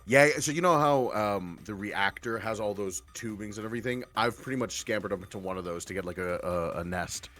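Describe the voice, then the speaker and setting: A man's voice: fairly low pitch, brisk, few pauses, fairly bright tone, soft background music. A man playing in a tabletop game, chatting casually and stammering as he restarts sentences. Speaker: player.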